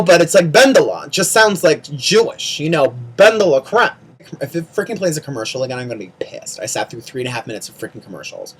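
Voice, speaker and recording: A vlogger chatting casually through a TV show recap, gushing and ranting by turns, sprinkling in "like" and repeating words in quick runs. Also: mid-range voice, a bit bright.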